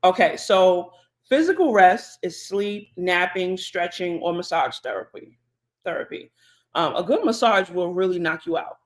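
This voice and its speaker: A woman co-hosts a podcast. She talks in a relaxed, chatty way, full of fillers and side remarks. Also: lowish voice, a little slow. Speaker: podcast co-host. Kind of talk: casual podcast chat.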